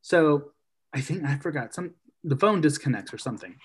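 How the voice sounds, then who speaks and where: A man co-hosting a casual podcast, retelling a story in an animated way and acting out the characters' lines. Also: fairly high pitch, moderate pace, husky.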